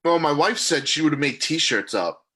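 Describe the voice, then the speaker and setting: A man's voice: on the high side, lively intonation, normal speed, pushed and bright. A man co-hosting a casual podcast, giddy and laughing a lot, swearing freely. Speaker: podcast co-host. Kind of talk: casual joking chat.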